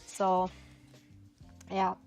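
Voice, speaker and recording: A woman's voice: mid-range voice, completely flat delivery, extremely slow, darkish tone. A woman with a German accent, a native German speaker, chatting casually and a little hesitantly as she colors, searching for words, with faint music behind her. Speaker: coloring channel host. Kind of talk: casual chat while coloring.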